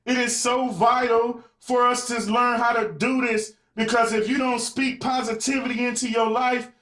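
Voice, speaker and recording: A man's voice: very high voice, little pitch movement, normal speed, fairly bright tone. A man hosting a live podcast who talks straight to viewers in the chat and repeats his phrases for emphasis. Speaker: podcast host. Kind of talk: live-streamed podcast monologue. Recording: echoey room.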